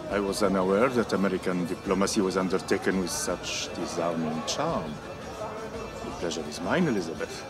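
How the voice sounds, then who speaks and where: An actor playing a suave, formal sheik hosting a reception, courtly in manner. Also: male voice, deep voice, moderate pace, close to an everyday voice. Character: suave, formal older male sheik host. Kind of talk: video game cutscene acting. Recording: game audio under commentary, music.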